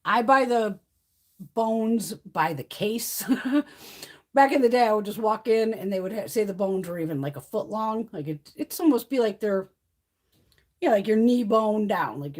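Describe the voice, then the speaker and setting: A woman's voice: medium pitch, expressive, normal speed, a little mellow. A woman hosting a live stream from home, chatting casually, swearing freely and laughing often. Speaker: livestream host. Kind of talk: casual chat.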